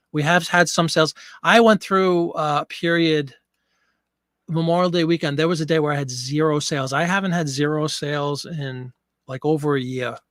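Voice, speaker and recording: A slightly high-voiced man hosts a casual live stream and chats easily with his viewers. He sounds a little out of breath, and his voice comes through dry and close, with no room sound around it. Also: a bit bright, no room sound. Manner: chatty, reads viewer comments. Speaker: livestream host.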